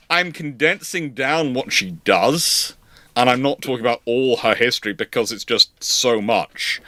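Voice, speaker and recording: A man hosting a live naval history talk who speaks in an animated, rambling way and laughs often. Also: mid-range voice, dry recording. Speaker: host.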